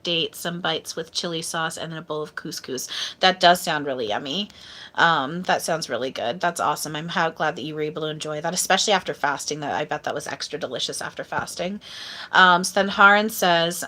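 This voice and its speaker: A woman's voice: on the low side, bright, forceful tone. A woman medium giving a live-stream psychic reading, earnest and emotional as she reads viewer comments aloud.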